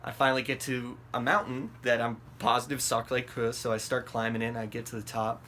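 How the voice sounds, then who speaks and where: A man's voice: medium pitch, brisk, slight background noise. Rambling, profane male storyteller. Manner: rambling and profane, many fillers and restarts; animated, voice jumps up when acting out his own panic. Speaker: vlog host telling a story. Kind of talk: casual storytelling.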